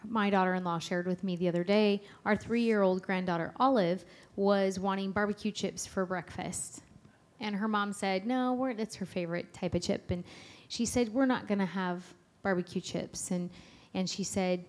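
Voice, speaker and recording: A woman's voice: mid-range voice, fairly even intonation, normal speed. Middle-aged woman telling a family story. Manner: chatty storytelling about family. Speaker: co-speaker, grandmother. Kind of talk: conference talk.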